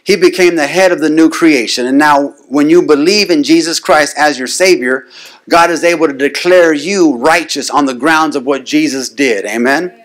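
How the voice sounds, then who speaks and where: A man preaches a sermon, calling "amen?" to the congregation and building into rising, insistent, repeated declarations. His voice is on the high side and a bit bright, at a moderate pace.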